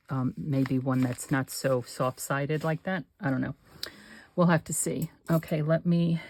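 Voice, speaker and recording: An older woman hosting a craft channel, chatting casually and rambling to herself as she works. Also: deep voice. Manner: chatty, rambling, talks to herself while working. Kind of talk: casual chat while crafting.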